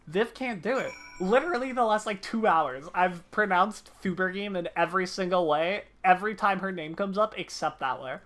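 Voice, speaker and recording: A woman's voice: fairly low pitch, moderate pace, hardly any pauses, fairly bright tone. A young woman gaming streamer chatting casually and laughing at herself. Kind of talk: casual live-stream chat while gaming.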